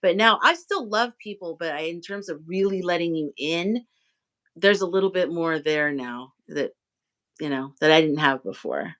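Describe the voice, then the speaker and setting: Chatty low-voiced woman hosting a livestream. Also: moderate pace, fairly bright tone. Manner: chatty, acts out quoted voices, many fillers. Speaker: livestream host. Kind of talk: casual livestream chat. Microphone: live video stream.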